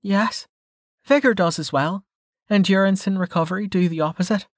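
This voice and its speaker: A man's voice: high-pitched, moderate pace, no echo, pitched above the performer's own voice, natural voice. A blunt young woman fighter with a dry, teasing edge, put on by a man narrating. Her voice sits far above his usual register and stays matter-of-fact. The recording is close and dry, with no room sound.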